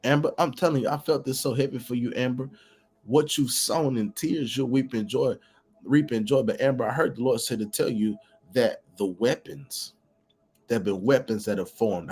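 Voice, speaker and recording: A man preaching on a phone livestream, speaking straight to his online listeners. He builds repeated declarations in steady waves that swell into loud, fervent peaks. He calls out to viewers by name as he prophesies. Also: mid-range voice, slightly rough.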